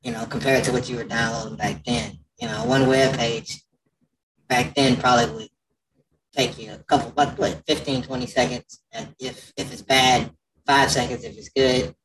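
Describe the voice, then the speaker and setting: A man's voice: medium pitch, little pitch movement, moderate pace, fairly bright tone, distant mic, poor audio. A man hosting a casual podcast, joking and teasing, often restarting his sentences. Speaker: podcast host.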